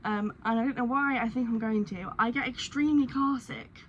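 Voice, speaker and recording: Chatty woman vlogging, high-ish voice. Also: fairly even intonation, fairly quick, muffled recording, slight background noise. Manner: rambling and candid, many ums. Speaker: crochet vlogger. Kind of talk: casual vlog chat.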